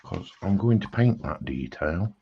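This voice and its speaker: A man's voice: deep voice, lively intonation, a little slow, gravelly, husky, dull audio. A British man streaming a casual chat while building a model, laid-back and jokey.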